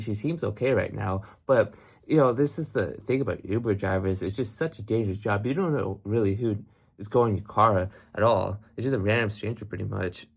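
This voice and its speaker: A man's voice: medium pitch, breathy edge. A man hosting a reaction video, chatting casually and putting questions to his viewers. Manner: talks to viewers with questions and asides.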